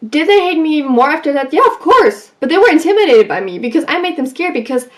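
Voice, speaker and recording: A woman vlogger giving advice in a casual, animated way, telling stories from her school days and acting out what people said. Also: high voice, fast. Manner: animated, acts out quoted lines. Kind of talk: casual storytelling advice vlog.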